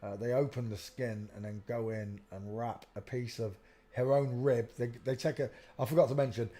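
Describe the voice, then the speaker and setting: A man's voice: mid-range voice, steady tone, normal speed, warm tone. Rambling man hosting a live stream. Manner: rambling, keeps saying "look" while pointing at pictures. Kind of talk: casual live stream commentary.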